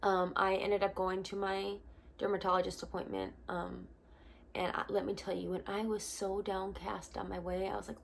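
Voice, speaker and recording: A young woman, a missionary, telling her personal testimony in an earnest, animated vlog at home. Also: medium pitch, moderate pace, creaky, slight background noise.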